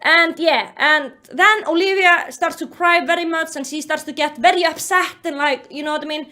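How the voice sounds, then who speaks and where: Brief: young woman, high voice, casual recap vlogger, animated and exasperated. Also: normal speed. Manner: animated, exasperated, filler-heavy retelling. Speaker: YouTube commentator. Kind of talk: casual book-recap commentary.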